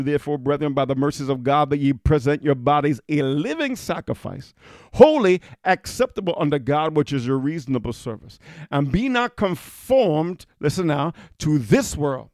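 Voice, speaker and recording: A man's voice: vocal fry, no echo, studio quality. A man preaching a fiery sermon, scattering amen and hallelujah and reading scripture in King James wording. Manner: peppers speech with amen and hallelujah; swings between loud exhortation and low murmured reading.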